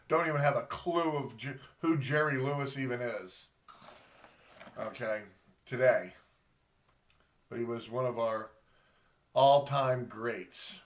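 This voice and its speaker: A middle-aged man talks slowly in a bright, forward voice. He rambles in a folksy way, speaking straight to his viewers like a charter captain showing off his gear. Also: medium pitch. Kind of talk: casual show-and-tell vlog.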